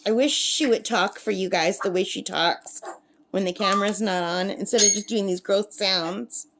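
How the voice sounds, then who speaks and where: A woman's voice: mid-range voice, normal speed, noisy background. A woman chatting casually to camera at a lakeside camp, laughing often and cooing at her pet bird. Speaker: craft vlogger.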